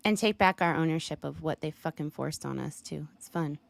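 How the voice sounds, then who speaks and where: A woman's voice: deep voice, brisk, gravelly. A woman co-hosting a casual livestream chat, affectionate and laughing often, with casual swearing. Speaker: livestream co-host.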